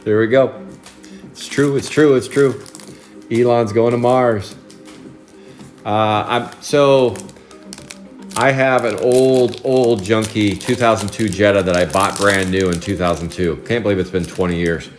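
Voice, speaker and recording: A man's voice: lowish voice, steady tone, unhurried, soft background music. A man in his forties from Oregon, chatting casually on a live card break stream, telling rambling stories with frequent chuckles. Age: 40s. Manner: rambling storyteller, chuckles often.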